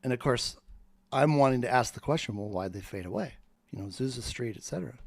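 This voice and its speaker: A man's voice: medium pitch, animated, quick pace, creaky, no echo, clean studio sound. Fervent man in a rambling monologue. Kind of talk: spoken monologue.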